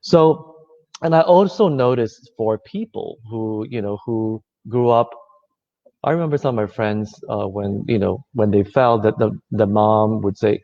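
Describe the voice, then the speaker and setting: A man giving a reflective talk, speaking gently and conversationally, with many fillers. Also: medium pitch, unhurried. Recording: slightly dull lo-fi audio.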